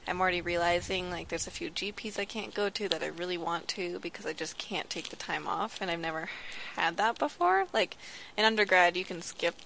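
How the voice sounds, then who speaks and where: A woman's voice: lowish voice, a little fast, gravelly, noisy background. A woman in her twenties, a graduate student, chatting casually on a podcast with lots of "like" and "um". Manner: chatty storytelling, frequent "like" and "um".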